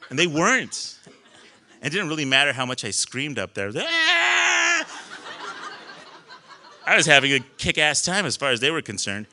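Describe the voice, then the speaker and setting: A man telling a personal story on a small live stage, animated, laughing often and swearing casually. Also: medium pitch, brisk.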